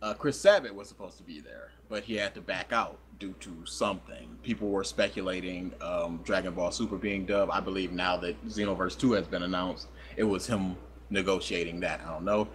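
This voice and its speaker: A man's voice: deep voice, fairly even intonation, brisk, few pauses, fairly bright tone, a little hiss or hum. A young man co-hosting a podcast, telling a rambling, self-deprecating story in casual chat. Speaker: podcast co-host.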